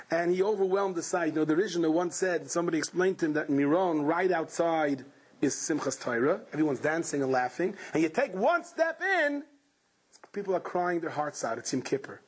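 A man delivers a storytelling sermon in a husky, fairly high voice. He is animated and rousing, and he sprinkles his speech with Yiddish terms. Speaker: preacher.

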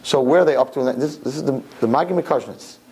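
A man telling religious stories in an animated sermon, often repeating his phrases. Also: mid-range voice, fast talker. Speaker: religious storyteller. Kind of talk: sermon storytelling.

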